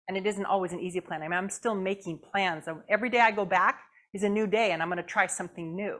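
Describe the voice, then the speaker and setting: A woman guest speaker giving a conversational sermon, expressive and acting out her inner thoughts. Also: medium pitch, quick pace, hardly any pauses. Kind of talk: sermon with puppetry.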